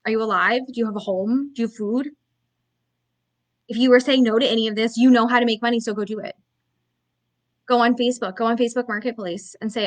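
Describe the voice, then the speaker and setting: A woman's voice: a little high, steady tone, quick pace, pauses often. A woman business coach giving a blunt, emphatic motivational talk in a conversational way, full of fillers.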